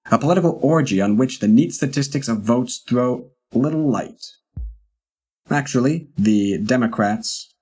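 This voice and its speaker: Husky-voiced man reading an article. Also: medium pitch, darkish tone. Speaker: reader of a historical article. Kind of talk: reading a magazine article aloud.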